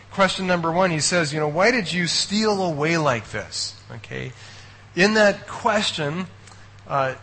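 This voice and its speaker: A man's voice: a little high, pushed and bright, slightly rough, low-quality recording. A man preaching a sermon in a conversational way, often checking in with his listeners and adding wry asides. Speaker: pastor.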